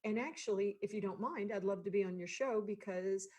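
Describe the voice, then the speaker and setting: Chatty woman host, husky voice. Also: mid-range voice, a little fast, a little mellow. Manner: chatty, laughs easily. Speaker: podcast host. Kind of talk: casual interview chat.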